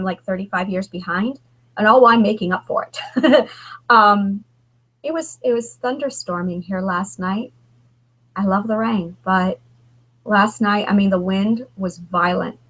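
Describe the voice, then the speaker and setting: Halting, candid woman in her thirties. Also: mid-range voice, a bit bright, poor audio. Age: 30s. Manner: halting, emotional, many restarts. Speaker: author guest. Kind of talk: candid conversation.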